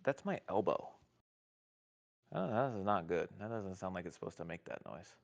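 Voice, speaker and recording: A man's voice: deep voice, lively intonation, moderate pace, vocal fry, muffled recording. A man streaming live, chatting casually and rambling, sometimes cooing at his pet in a raised voice. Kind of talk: casual livestream chat.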